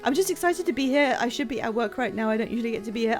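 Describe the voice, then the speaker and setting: Woman streamer, casual and excitable, bouncy, slightly high voice, self-deprecating chatter, faint game music behind. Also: quick pace. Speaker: livestreamer playing a video game. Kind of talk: casual live-stream chat.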